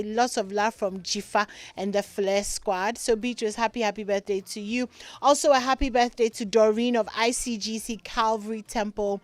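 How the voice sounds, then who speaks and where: A woman's voice: mid-range voice, no room sound. Upbeat woman radio host. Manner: upbeat and chatty, drawing out words. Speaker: radio morning show host. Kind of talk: live radio chat and listener shout-outs. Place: radio studio. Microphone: studio microphone.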